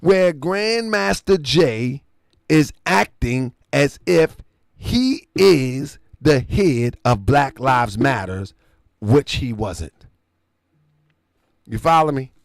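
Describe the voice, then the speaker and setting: A man's voice: medium pitch, expressive, very slow, vocal fry, no echo. A man hosting an online talk show, casually retelling a conversation and often checking that the listener follows. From Baltimore area. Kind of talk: casual storytelling commentary.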